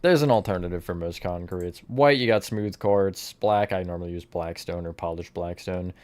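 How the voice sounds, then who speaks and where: A man's voice: low voice, normal speed, a little mellow, clean tone. A man streaming live, chatting casually with his viewers while he builds, often laughing at his own slips. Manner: chatty, self-mocking, answers chat mid-task.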